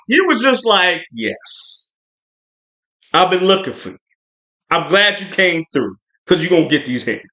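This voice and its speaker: A man with a high, sharp voice hosts a podcast livestream, reviewing a show with spoilers in a chatty, rambling way packed with fillers.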